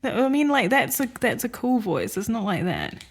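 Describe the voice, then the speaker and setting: A woman's voice: fairly high pitch, wildly swooping pitch, normal speed, slight background noise. Chatty woman podcast co-host. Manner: rambling, filler-heavy, laughs often. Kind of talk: casual chat reviewing films.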